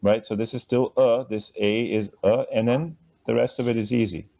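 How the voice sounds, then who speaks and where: A man of mid pitch leads a live class in a relaxed, conversational way. He stretches words out slowly to model their sounds and drops in playful, chuckling asides. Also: creaky. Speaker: Sanskrit teacher.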